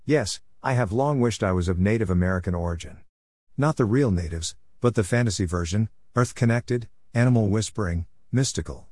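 A man reading his own reflective story in a measured, wry way. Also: lowish voice, expressive, a little mellow, no room sound, studio quality. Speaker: narrator.

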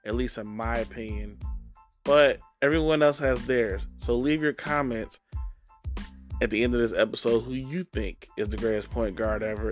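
A man hosts a laid-back sports talk podcast. His voice sits at an ordinary middle pitch and he keeps a relaxed, steady delivery. Faint music plays in the background. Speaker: podcast host. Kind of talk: casual sports podcast chat.

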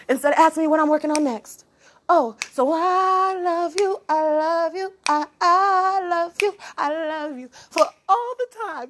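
A woman with a very high voice improvises a half-sung monologue in a slow, drawn-out rhythm. She keeps answering herself with "what?" and "yeah". Her delivery swings from soft murmurs to loud sung bursts, with a faint hiss behind her.

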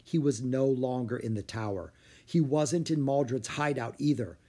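A man narrating a children's storybook with an expressive reading style. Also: medium pitch, normal speed. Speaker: audiobook narrator.

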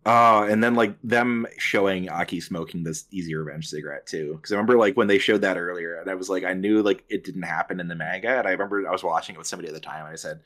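A man's voice: deep voice, fast talker, few pauses, a bit bright. A man in a casual conversation, telling stories with enthusiasm. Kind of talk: casual chat.

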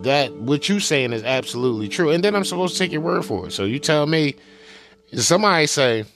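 A man talking loosely and profanely in a rambling casual monologue, full of fillers and repeated asides. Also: mid-range voice. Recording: music playing behind the voice.

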